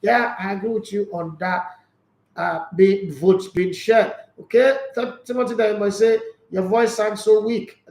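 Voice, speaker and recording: A man with a Nigerian English accent hosting a sports show, reading viewer comments aloud and answering them in a husky, tired voice. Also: high-pitched, steady tone, a little slow, darkish tone, reverberant, poor audio. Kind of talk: casual sports chat.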